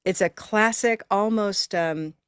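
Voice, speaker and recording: A woman's voice: medium pitch, slow, clear, resonant tone, no echo, studio quality. A woman hosting a live online pronunciation class, talking in an upbeat, encouraging and chatty way through a computer microphone.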